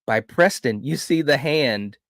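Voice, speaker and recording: A man hosting a film review podcast, retelling a horror movie in an animated, casual way with frequent restarts. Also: medium pitch, unhurried, no echo, studio quality. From grew up in a city. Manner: animated storyteller, frequent restarts and "you know".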